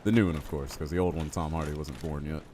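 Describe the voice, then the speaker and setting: A man's voice: a bass voice, steady tone, fast, background noise. A man streaming a game live, chatty and jokey, reacting to the game and talking to his chat. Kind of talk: live gameplay commentary.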